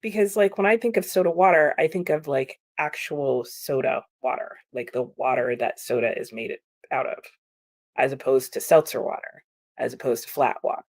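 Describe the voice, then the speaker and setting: A woman's voice: very deep voice, fairly quick, a little mellow, no room sound, studio quality. A woman hosting a casual livestream, chatting about chat comments with frequent laughs and lots of "like" fillers.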